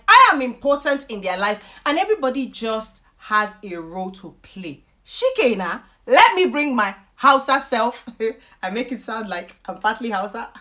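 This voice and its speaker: A young adult woman with a Nigerian accent, chatting on a live stream as she reads out viewer comments, animated and slipping into pidgin. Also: fairly high pitch. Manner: animated, chatty, slips into pidgin and laughs often. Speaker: YouTube host and life coach.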